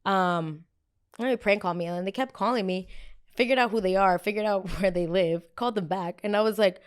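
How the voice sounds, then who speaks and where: Animated, gossipy young woman podcaster. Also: medium pitch, a little fast, smooth. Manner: animated, gossipy and blunt, with frequent quoted voices. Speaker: podcast host. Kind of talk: casual pop culture chat.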